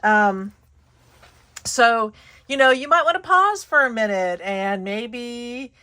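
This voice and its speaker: A woman's voice: on the high side, lively intonation, takes it slowly, sharp tone. A woman hosting her craft channel, chatting casually and giggling through a paper haul with lots of fillers. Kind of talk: casual haul video chat.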